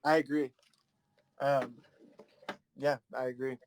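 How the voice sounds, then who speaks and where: A man's voice: medium pitch, little pitch movement, slow, a little mellow, a little hiss or hum. A man, a musician guest, talking in a laid-back, rambling way and laughing often. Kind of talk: casual chat.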